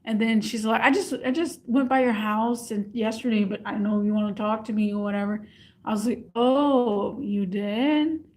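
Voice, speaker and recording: A woman's voice: medium pitch, steady tone, moderate pace, a little mellow. A young woman vlogger telling a story casually to her camera, acting out both sides of a phone call.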